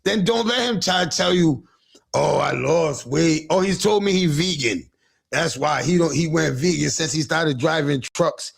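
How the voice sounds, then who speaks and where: A man's voice: a little high, normal speed, vocal fry. A man hosting a livestream, telling rambling, profane, teasing comic stories in casual chat. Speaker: livestream host.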